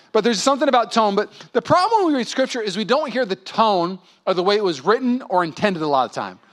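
A man in his thirties preaching a sermon as pastor, animated and acting out quoted voices. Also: high voice.

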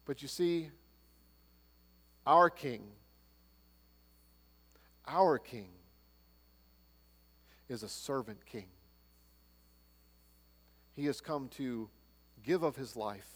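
A man preaching a sermon, swinging between loud proclaiming and hushed, low-spoken lines. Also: measured pace, long pauses. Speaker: pastor. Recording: long hall reverb.

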